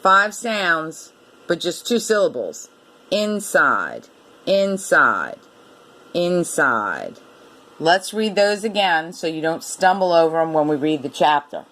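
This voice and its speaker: A woman teaching a reading lesson to children, repeating each word and sounding it out letter by letter in a slow, deliberate way. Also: fairly low pitch, fairly bright tone.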